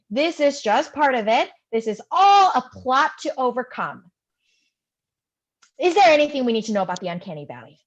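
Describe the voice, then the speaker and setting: A woman reading the part of an eager young aspiring writer who leads the group, full of quick questions, in a live play reading. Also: sits high.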